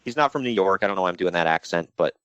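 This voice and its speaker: A man's voice: low voice, very fast, clear, resonant tone, no room sound, highs cut off. A man co-hosting a casual wrestling podcast, joking around and slipping into mock voices. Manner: jokey, animated, slips into mock voices. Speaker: podcast co-host.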